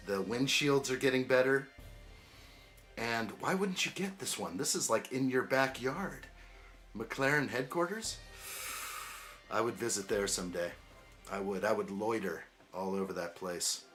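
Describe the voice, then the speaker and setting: A man with a lowish, somewhat bright voice hosts a building live stream, keeping the chat casual and upbeat and welcoming viewers by name.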